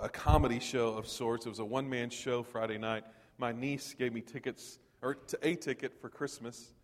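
A man in his forties from Texas, preaching a sermon in a conversational storytelling way with touches of humor. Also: medium pitch. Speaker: pastor. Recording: long reverb of a large hall.

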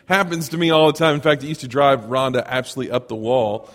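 A man preaching a storytelling sermon, animated and chuckling, often asking his congregation questions. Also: mid-range voice, fast. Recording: long reverb of a large hall.

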